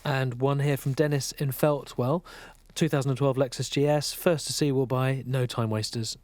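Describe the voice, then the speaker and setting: Dry, deadpan radio sidekick man. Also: mid-range voice, moderate pace, no echo. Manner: dry, matter-of-fact. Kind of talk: radio studio banter.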